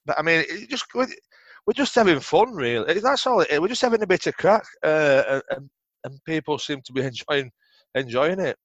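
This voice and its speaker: A man's voice: a little high, lively intonation, fairly quick, no echo, highs cut off. A middle-aged man with a Yorkshire accent telling rambling, sweary football stories in a casual interview. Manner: swears freely, rambling anecdotes. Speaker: podcast guest, former footballer.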